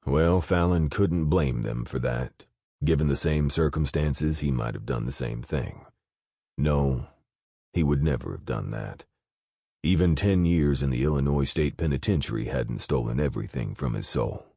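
Male audiobook narrator, husky bass, dry close recording, even measured delivery. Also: no room sound. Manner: steady, measured storytelling. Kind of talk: scripted narration of an action novel.

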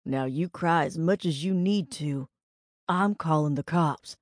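A woman voicing a protective rural man who speaks firmly and gruffly. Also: low-pitched, measured pace, no room sound, clean studio sound. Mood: soothing firm.

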